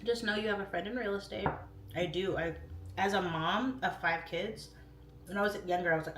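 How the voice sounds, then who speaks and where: A middle-aged woman hosting a livestream, rambling casually and swooping into high voices when she quotes herself. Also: a little fast, echoey room, a little hiss or hum. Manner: chatty, rambling, warm-hearted talk with frequent "like" fillers. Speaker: livestream host. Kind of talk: casual chat. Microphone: phone or webcam.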